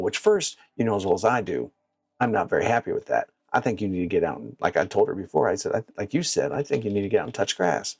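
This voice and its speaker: A gravelly, husky-voiced man rambles through a game session and launches into blunt, profane rants. His pitch swings widely as he tells his stories. The clip-on mic gives a close, dry sound. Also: quick pace, no room sound. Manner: blunt, profane, animated storyteller. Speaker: gaming streamer. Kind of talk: casual gameplay commentary and rant. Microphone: wireless clip-on mic.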